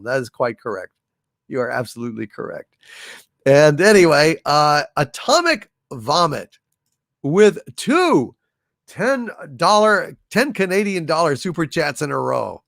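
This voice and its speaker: Male stream host, animated and joking, gravelly, slightly high. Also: a little slow, dry recording, clean studio sound. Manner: animated, reads viewer messages and tells jokes. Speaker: livestream host. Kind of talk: casual live-stream chat.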